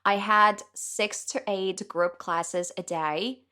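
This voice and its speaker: A young woman with Russian as her first language, hosting an English-learning podcast in a clear, upbeat, deliberate way. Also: medium pitch, steady tone, bright, forceful tone. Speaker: English teacher and podcast host. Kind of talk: scripted podcast monologue.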